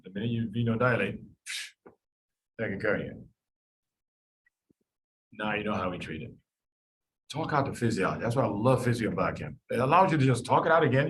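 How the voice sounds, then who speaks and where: A man teaching a live medical review class, quizzing students and talking through the reasoning in an animated way. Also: mid-range voice, slight background noise, rough recording. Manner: animated, quizzes students, quick asides with sudden quiet drops. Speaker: medical board review lecturer.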